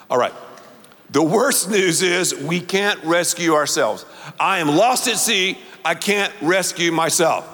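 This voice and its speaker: A man preaching with lively, animated delivery and a somewhat high voice. He draws the congregation into call-and-response. His words ring out with a long hall reverb behind them. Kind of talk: sermon.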